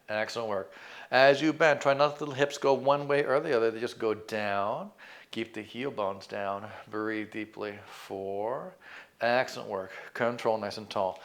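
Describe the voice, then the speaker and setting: Calm male fitness instructor cueing. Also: mid-range voice. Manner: calm, coaching cues with counting and encouragement; self-deprecating asides. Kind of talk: exercise class instruction.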